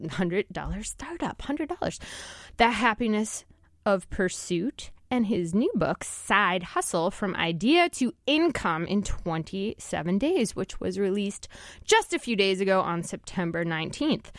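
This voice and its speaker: A woman's voice: medium pitch, very animated, measured pace, no echo. Upbeat woman radio host, chatty, mid-range voice, close and dry. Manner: upbeat and chatty, laughs often. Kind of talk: radio talk show. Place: radio studio.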